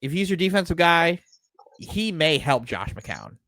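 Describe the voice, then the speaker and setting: Animated, profane New sports fan. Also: male voice, fairly high pitch, a little slow, no echo. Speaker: podcast co-host. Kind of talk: casual sports chat.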